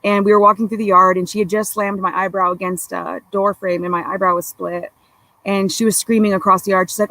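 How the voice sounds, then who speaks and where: Young woman guest, blunt and sweary, gravelly bright voice, rambles on. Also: mid-range voice, little pitch movement, fast, dry recording, poor audio. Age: young adult. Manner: blunt, profane, rambling with many fillers. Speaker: podcast guest. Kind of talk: casual storytelling chat.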